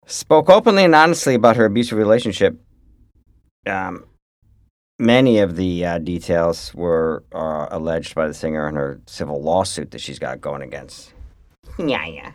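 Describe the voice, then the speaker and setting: Deep-voiced joking man, sarcastic and profane. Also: moderate pace, no echo, clean studio sound. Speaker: podcast co-host. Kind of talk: casual chat.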